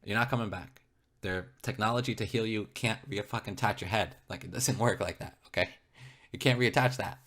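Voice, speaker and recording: Deep-voiced man, insistent and repetitive. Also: a little fast, a bit bright. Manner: repetitive, keeps checking in with "okay?"; emphatic, heavy swearing. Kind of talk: personal account to an interviewer.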